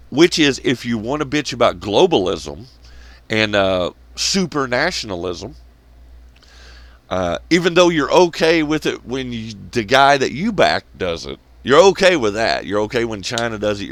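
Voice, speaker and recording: A man's voice: mid-range voice, fairly bright tone, dry recording. A man hosting his own channel, delivering a profane, sarcastic ranting monologue and mocking others in scornful quotes. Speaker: channel host.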